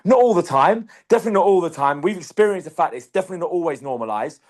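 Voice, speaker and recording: A man's voice: sits high, expressive, very fast, a little mellow. A man co-hosting a podcast in casual chat, swearing often and making emphatic jokes. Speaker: podcast co-host.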